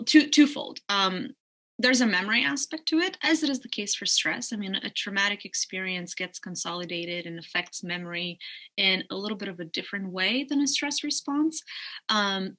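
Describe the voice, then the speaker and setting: A woman with a bright, clear voice talks as a psychologist guest on a podcast. She explains her views in a measured, careful way, qualifying her points as she goes. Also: medium pitch. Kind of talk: casual interview conversation.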